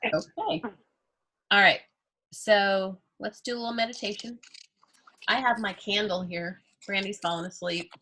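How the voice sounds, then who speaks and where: A woman's voice: mid-range voice, steady tone, measured pace, long pauses, sharp tone, poor audio. A woman from Texas leading a group art workshop and guided meditation, encouraging and upbeat. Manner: upbeat, encouraging, often laughing. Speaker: art class instructor. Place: indoor class room with a group.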